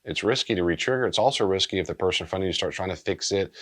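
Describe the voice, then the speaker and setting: Very low-voiced guy, pastor giving earnest gentle advice, says things twice. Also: fast talker, hardly any pauses. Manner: earnest and gentle, repeats key phrases. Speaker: pastor and counselor. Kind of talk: pastoral teaching talk.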